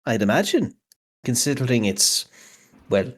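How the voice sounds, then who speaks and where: A woman's voice: rumbling low, big pitch swings, measured pace. A woman running a tabletop game as game master, teasing the players and laughing often.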